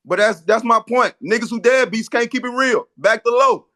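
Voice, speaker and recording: A man in a heated live audio chat argument, loud and confrontational, often yelling. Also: extremely high pitch, moderate pace.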